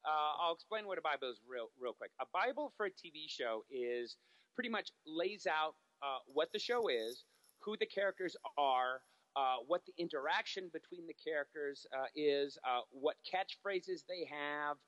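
A man's voice: on the high side, lively intonation, moderate pace, a bit bright, no room sound, dull audio. A man, a TV animation writer, talking as a guest in a casual interview, telling stories with lots of fillers and restarts.

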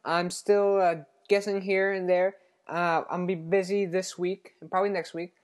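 A man hosting a casual podcast, chatty and halting with frequent fillers. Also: high-pitched, little pitch movement. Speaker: podcast host.

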